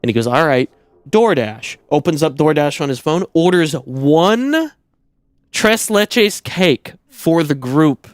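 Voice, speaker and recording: Animated, incredulous male streamer. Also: a little high, slow, no room sound, studio quality. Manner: animated, incredulous, swears a lot. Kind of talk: casual ranting story.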